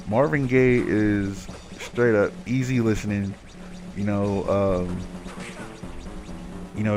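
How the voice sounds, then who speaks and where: Profane man ranting over gameplay. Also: lowish voice. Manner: profane, rambling, gets heated while ranting. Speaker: gaming commentator. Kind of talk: casual storytelling over gameplay.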